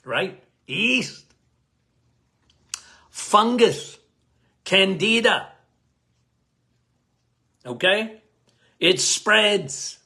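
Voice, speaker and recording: Loud, emphatic man, bright voice. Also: expressive, very slow, gravelly, long pauses. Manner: loud, emphatic, cannot lower his volume; repeats key phrases, addresses listeners as guys. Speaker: health podcast host. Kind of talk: casual health talk to listeners.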